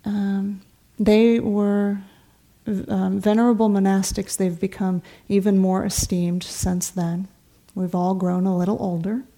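A middle-aged woman, a meditation teacher, giving a dharma talk in a meditation hall, telling stories conversationally and sometimes dropping to a soft whisper. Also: mid-range voice, level tone, unhurried. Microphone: talk recording before a seated audience.

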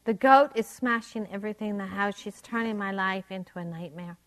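A woman's voice: mid-range voice, a little fast, lightly acted. A desperate poor man, pleading and lamenting, as a woman teacher tells him in a spoken folk tale.

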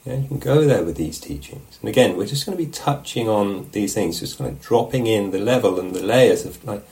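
A man teaching meditation in a relaxed, conversational dharma talk, often checking in with his listeners. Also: fairly low pitch, fairly quick, vocal fry.

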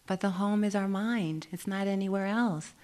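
Speaking at a normal speed in a mid-range voice, a woman teaching meditation offers a dharma talk during a retreat. She stays gentle and reflective, posing questions often and laughing readily.

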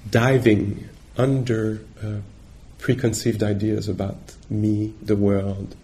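A male meditation teacher giving a dharma talk on retreat, gentle and reflective, pausing often as he searches for words. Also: lowish voice, little pitch movement. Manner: halting, searching for words with many pauses.

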